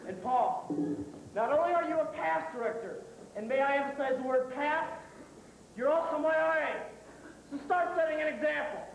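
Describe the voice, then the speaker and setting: A man with a very high voice scolds sternly as part of a stage comedy skit. The old tape carries a heavy hall echo and a faint hiss. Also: normal speed, creaky. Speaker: student comedy skit performer.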